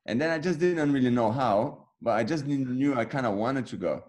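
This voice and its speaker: A man in his thirties, a guest on an interview, telling his story casually and acting out past conversations with lively energy. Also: mid-range voice, moderate pace. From Brazil. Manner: animated, acts out his own past dialogue. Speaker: interview guest, jiu-jitsu black belt.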